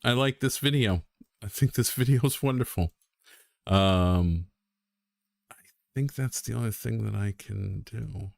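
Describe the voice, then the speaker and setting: A man's voice: lowish voice, measured pace, creaky, pauses often, darkish tone, dry recording. A young man chatting casually on a game stream, rambling and self-deprecating with lots of ums and restarts.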